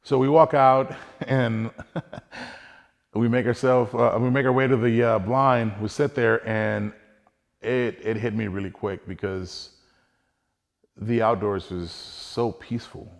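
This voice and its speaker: A man's voice: medium pitch, steady tone, takes it slowly, creaky, big-room sound. A man earnestly telling a personal hunting story in a casual, conversational way, acting out bits of dialogue as he goes.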